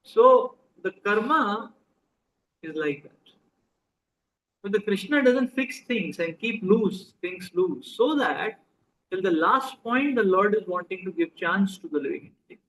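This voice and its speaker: A man with an Indian accent and a high voice delivers a relaxed, talkative sermon. He keeps checking in with his listeners through questions and drops Hindi phrases into his English. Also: measured pace, low-quality recording. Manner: conversational, asks the audience questions, mixes in Hindi. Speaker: spiritual teacher. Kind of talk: sermon to a live audience.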